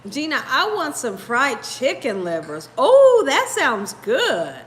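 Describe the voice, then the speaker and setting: A woman's voice: sits high, wildly swooping pitch, slow pace. A woman hosting a live cooking stream, chatting casually with viewers, laughing often and sounding tired. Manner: giggly, laughs often while reading comments. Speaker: cooking show host.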